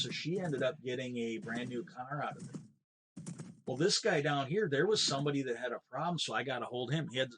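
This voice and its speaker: A man's voice: medium pitch, fairly bright tone, slight background noise. A middle-aged man streaming a game, telling a long story in a bitter, profane, rambling way with frequent restarts. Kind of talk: casual ranting storytelling while gaming.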